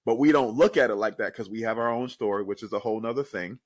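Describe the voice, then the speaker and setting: A young man co-hosting a podcast, telling stories with animated, motivational energy. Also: on the low side, fast, no room sound. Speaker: podcast co-host. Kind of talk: casual chat.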